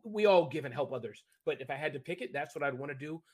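A man with a somewhat high, husky voice chats as a guest over a video call. He rambles freely from thought to thought with lively energy and keeps addressing the host by name. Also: fast. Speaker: podcast guest, entrepreneur. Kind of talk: casual interview chat.

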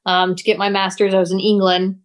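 A woman's voice: medium pitch, little pitch movement, a little fast. A woman artist and teacher, a guest in an interview, talking thoughtfully with frequent laughs. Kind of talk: casual interview chat.

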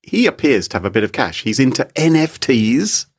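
A man co-hosting a podcast, telling a story in a casual, animated way and laughing often. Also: medium pitch, normal speed, slightly rough. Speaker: podcast co-host. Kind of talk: casual chat.

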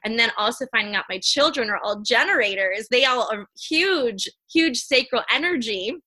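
A woman, likely in her thirties, talking animatedly and earnestly as a guest in a casual interview. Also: normal speed. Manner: high-energy, animated, earnest. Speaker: human design reader, podcast guest.

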